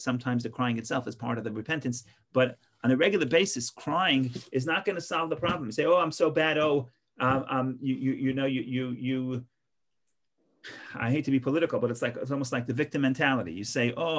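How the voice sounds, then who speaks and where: A man teaching a casual Torah class, his pitch sitting in an ordinary middle range. He talks conversationally, circling back and repeating words as he thinks. He has a lilt. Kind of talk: informal online Torah class.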